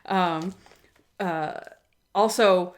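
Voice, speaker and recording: A woman's voice: lowish voice, very slow. A woman co-hosting a podcast, chatting casually about a TV episode and acting out the characters' lines as she retells scenes. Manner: lively retelling that acts out quoted lines. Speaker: podcast co-host. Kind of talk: casual chat recapping a TV episode.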